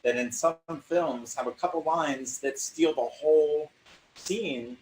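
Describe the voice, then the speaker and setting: A man's voice: on the high side, slow pace, a little mellow. A man talking casually and thoughtfully in conversation. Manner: reflective, frequent agreeing. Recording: echoey room, distant mic, faint noise.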